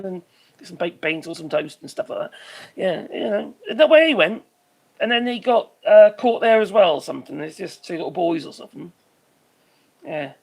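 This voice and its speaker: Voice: medium pitch, expressive, normal speed, vocal fry. A live stream host giving rambling commentary, swearing freely and trailing off while hunting for names.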